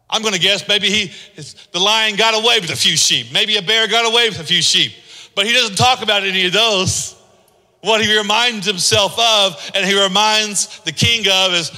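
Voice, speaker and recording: Emphatic male pastor, repetitive sermon delivery; very bright tone, reverberant church hall. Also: high-pitched. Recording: echoey hall.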